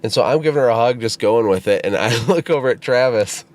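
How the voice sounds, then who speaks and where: A man co-hosting a casual podcast chat, telling stories in an animated way and laughing as he goes. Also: medium pitch, quick pace. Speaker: podcast co-host and business founder.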